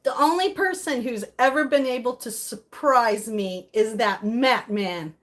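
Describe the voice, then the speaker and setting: A middle-aged woman live streaming in casual chat, reading and reacting to viewer comments, emotional and quick to laugh. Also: on the high side, fairly bright tone.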